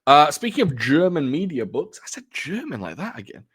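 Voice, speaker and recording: A fairly high, sing-song male voice, a little fast, fairly bright and with a breathy edge. The adult film collector vlogger chats casually at home about his film purchases, showing them off in a rambling, chatty, self-deprecating way.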